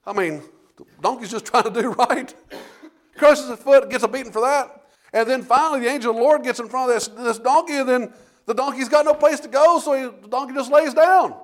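A man preaching a sermon in a folksy, animated storytelling way, often asking the congregation "Amen?". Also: very high-pitched, fairly quick.

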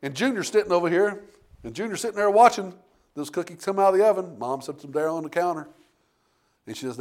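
A man preaching a sermon in a folksy storytelling way, calling out for amens and swinging between loud emphasis and hushed tones. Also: high voice, animated, fast. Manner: folksy storytelling, calls out "Amen?".

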